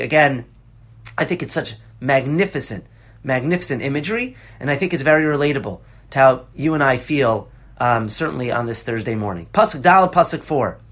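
A man's voice: fairly high pitch, a bit bright, slightly rough. A man in his thirties teaching a Torah class on a psalm, earnest and conversational with bursts of passion.

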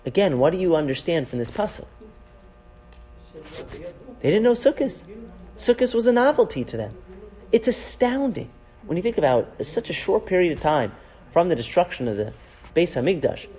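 Animated high-voiced man teaching a class. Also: normal speed, long pauses. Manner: animated, asks rhetorical questions, frequent "right?"; weaves in Hebrew terms. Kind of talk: Torah class lecture.

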